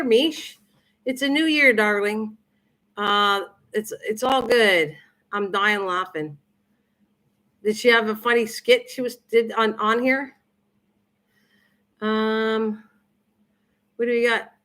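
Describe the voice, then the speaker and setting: An older woman on a home-kitchen cooking livestream chats casually, rambling in a friendly way as she reads out and answers viewer comments. Her voice is on the high side with a fairly bright tone.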